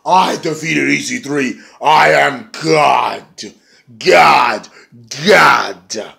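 Guy doing an arrogant wrestler, slow and pompous, getting loud. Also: mid-range voice, fairly even intonation, creaky, close to an everyday voice. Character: arrogant male wrestler proclaiming himself god.

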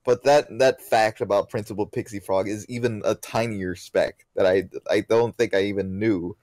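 A man co-hosting a podcast in casual chat, talking haltingly with many restarts. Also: fairly low pitch, steady tone, darkish tone, no echo. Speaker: podcast co-host. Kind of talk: casual chat recapping a cartoon.

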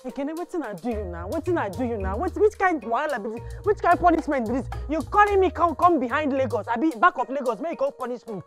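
An actress with a Nigerian Pidgin accent playing a hungry, quick-tempered young girlfriend who scolds her boyfriend. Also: sits high, lively intonation, faint music behind. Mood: angry. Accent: Nigerian Pidgin English. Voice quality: loud, quarrelsome, scolding. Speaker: girlfriend of Ekene. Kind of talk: Nollywood film acting.

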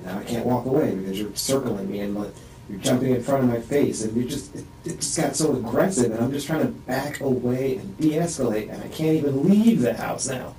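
A distressed man in a police interview room rambles through a halting statement, full of restarts, his voice rising and strained. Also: medium pitch, dark tone. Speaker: suspect being questioned. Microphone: distant room microphone. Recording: echoey room, distant mic, faint hiss.

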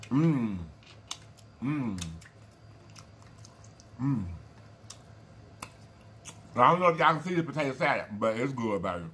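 A man's voice: medium pitch, big pitch swings, very fast, few pauses, bright, forceful tone, a little hiss or hum. A man hosting a casual eating show, folksy and chatty, calling viewers y'all and baby and humming over his food. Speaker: mukbang channel host.

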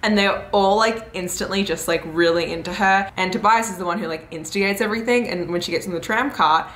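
A woman's voice: medium pitch, brisk. Chatty young woman in an echoey room. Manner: chatty and animated, many fillers, laughs often. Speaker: book vlogger. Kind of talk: casual book review vlog.

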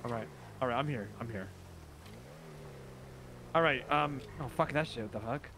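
A man's voice: mid-range voice, moderate pace, sharp tone, a little hiss or hum. A man in casual game role-play, talking in a brash, boastful way and swearing a lot.

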